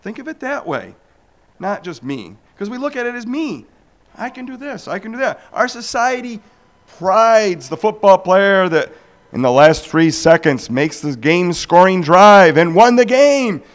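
Animated preacher with a lively voice. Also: male voice, high-pitched, a little slow. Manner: animated, acts out dialogues. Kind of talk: storytelling sermon.

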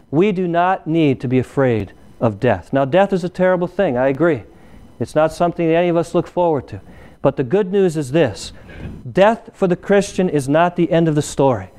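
A man delivering a sermon in a smooth, resonant voice that sits a little higher than most men's. He talks to his congregation conversationally and keeps pausing to ask them to fill in the next word. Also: darkish tone. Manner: conversational preaching with call-and-response questions. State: recovering from illness. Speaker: preacher.

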